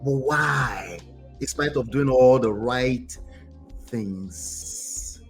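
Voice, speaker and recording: A man's voice: medium pitch, drawn-out words, faint music behind. A man hosting a live reaction stream as a marriage coach, chatty and sarcastic, greeting viewers as he comments.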